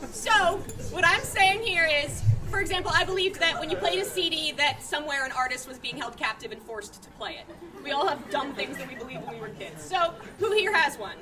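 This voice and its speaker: A woman hosting a live improv show, chatty and full of quick questions, often laughing. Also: high voice. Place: small theater with live audience. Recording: stage audio from far off with crowd.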